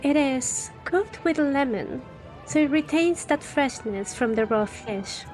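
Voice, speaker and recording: A woman player lays out her character's actions unhurriedly, describing each detail with care. She speaks very slowly over faint background music. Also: high-pitched, expressive, darkish tone. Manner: slow, thoughtful, descriptive.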